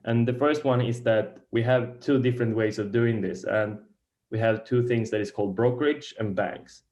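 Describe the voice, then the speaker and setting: Man, Swedish native, lecturing beginners in a room; lowish voice, stop-start delivery with restarts. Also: darkish tone, highs cut off. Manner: halting, searches for words, many restarts.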